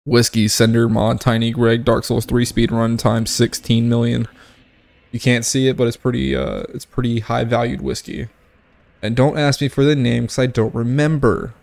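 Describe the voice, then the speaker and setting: A man's voice: medium pitch, level tone, moderate pace, gravelly, a little mellow. A young man gives loose, swearing commentary while he plays. He has been drinking whiskey and sounds tipsy. He breaks into sudden yelps and jokes at the game in an ordinary mid-range voice. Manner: profane, joking, outbursts at the game. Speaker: gaming streamer. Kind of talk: casual gameplay commentary.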